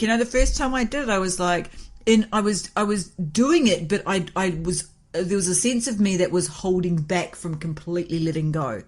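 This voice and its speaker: A woman, hosting a casual conversation as a lively storyteller who swears freely and often laughs. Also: medium pitch, moderate pace. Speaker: podcast host.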